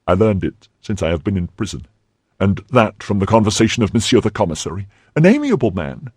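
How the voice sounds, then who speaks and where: A man's voice: fairly low pitch, big pitch swings, brisk, a little mellow, breathy edge, no echo. A man voicing a timid middle-aged mercer who answers anxiously and deferentially, crying out in alarm when frightened. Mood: nervous deference.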